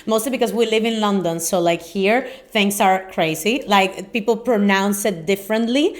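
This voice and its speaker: A woman's voice: mid-range voice, moderate pace. Chatty young woman host, Spanish native, easygoing filler-heavy banter. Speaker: podcast host. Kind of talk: casual chat.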